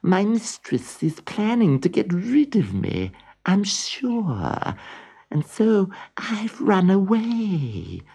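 A man voicing a miserable old cat who speaks in a slow, creaky, husky voice. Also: sits high, huge pitch swings, dark tone, voice pushed up, full character voice. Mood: mournful. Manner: slow and mournful.

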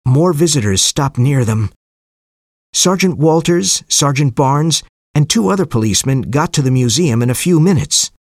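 A man reading an audiobook story aloud in a clear, steady storytelling manner. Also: on the high side, moderate pace, dry recording, clean studio sound. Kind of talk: audiobook narration.

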